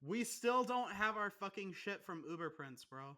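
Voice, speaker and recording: On a casual podcast, a young male co-host builds a rant, swearing in almost every sentence. His high-pitched voice is bright and forward, and he speaks at normal speed with an animated, aggrieved delivery.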